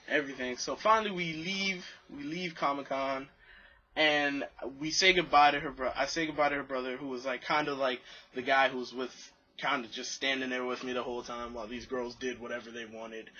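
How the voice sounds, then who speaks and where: A man's voice: mid-range voice, breathy edge, lo-fi sound. A young man in his late teens telling a rambling, profane personal story in a casual way and acting out the voices of the people in it. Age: young adult. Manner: rambling, excitable, profane, acts out quoted voices.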